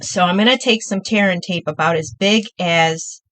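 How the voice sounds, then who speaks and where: A woman's voice: on the low side, moderate pace, fairly bright tone, no room sound, poor audio. Chatty woman demonstrating a craft. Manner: chatty, upbeat, talks while working. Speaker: crafting demo host.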